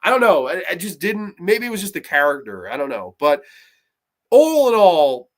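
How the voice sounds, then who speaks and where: Profane, animated male film reviewer. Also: high-pitched, normal speed. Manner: profane, animated, mocks scenes in put-on voices. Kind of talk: casual solo film review.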